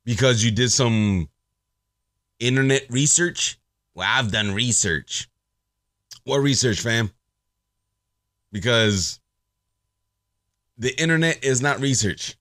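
Animated sarcastic man ranting. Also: mid-range voice, slow, pauses often, no echo, clean studio sound. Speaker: podcast host. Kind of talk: casual ranting monologue.

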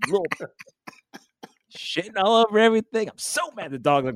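Lively, reactive podcast co-host man. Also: high-pitched, a little fast, long pauses, slight background noise. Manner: reacts with laughter and exclamations, lively joking. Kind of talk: casual chat.

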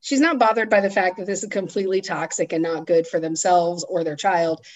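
A podcast co-host with a lowish, steady voice chats briskly while recapping a film, rambling a bit and using many fillers. The audio quality is poor.

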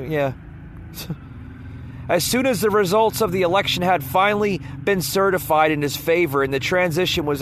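Male podcast host with a fairly high voice, rambling commentary full of restarts, recorded near a road with faint traffic. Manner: rambling, stumbles and repeats words, chuckles. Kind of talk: casual political commentary. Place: near a road with passing cars.

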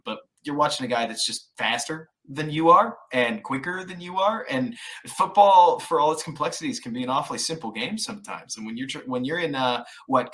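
A man guest on a podcast, talking through football film in fast, animated casual chat. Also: mid-range voice.

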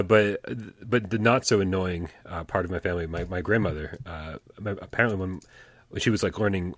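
A man co-hosting a livestream in casual, animated chat, swearing and laughing often. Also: low voice, no room sound. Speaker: co-host.

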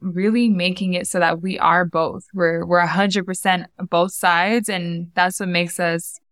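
A woman's voice: lowish voice, steady tone, a bit bright, dry recording, studio quality. A woman from the United States hosting a podcast, talking in an earnest, reflective way. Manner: earnest, reflective, quick bursts. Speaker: podcast host. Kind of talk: casual conversational chat.

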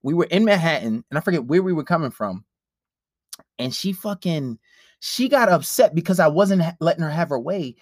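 A man spins a profane story on a casual podcast. He acts out every quote, and his pitch leaps all over. The sound is dry and close, with no room echo. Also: expressive, brisk. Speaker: podcast host.

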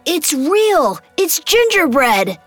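Woman doing an eager excited young boy. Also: a little high, measured pace, creaky, faint music behind, voice pushed up, full character voice. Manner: excited exclaiming.

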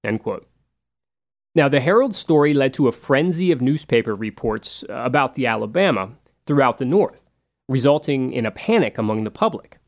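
Relaxed man narrating history. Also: mid-range voice, normal speed. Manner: relaxed, loose delivery with frequent fillers and asides.

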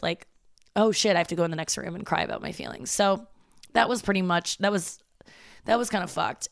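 A young woman hosting a podcast alone, talking in a chatty, rambling way and swearing freely. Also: fairly low pitch. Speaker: podcast host. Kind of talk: casual solo podcast monologue.

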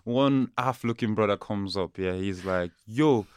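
A man's voice: lowish voice, moderate pace, clean tone, no room sound. A young man in his twenties, co-hosting a podcast, telling a story in a casual, slangy way with plenty of laughter. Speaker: podcast co-host.

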